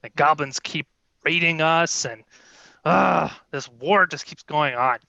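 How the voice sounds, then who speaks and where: An imperious, scolding little kobold queen, played by a man, raised a little in pitch with a bright, lively edge. She is haughty and quick to snap, and the sound is dry and close over a video call. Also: creaky, no echo, lo-fi sound, heavily acted. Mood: commanding. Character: small, haughty, short-tempered kobold queen.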